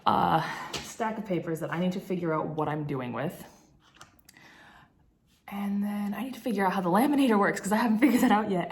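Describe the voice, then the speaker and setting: A woman's voice: low-pitched, vocal fry. A young woman, a grade two teacher, chatting casually in a vlog and rambling with lots of fillers.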